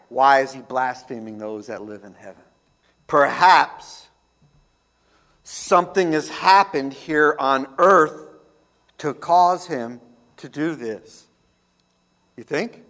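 A man preaching a radio sermon as host, emphatic and swinging between loud declarations and hushed asides. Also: fairly high pitch, animated, measured pace, pauses often.

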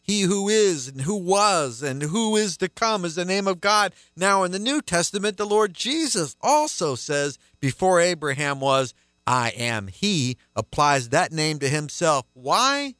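Slow, high-voiced male pastor preaching. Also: very animated, fairly bright tone. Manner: emphatic, deliberate preaching that repeats key phrases. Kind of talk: radio ministry sermon.

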